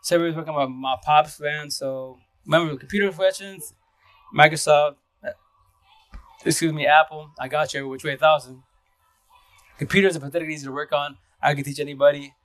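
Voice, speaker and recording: A man talks casually on a home live stream, moving fast and restarting his sentences. His voice sits a bit high, and the sound is dry and close. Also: fairly even intonation, fairly bright tone, dry recording. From Seattle area. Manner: fast, rambling talk with restarts. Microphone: phone.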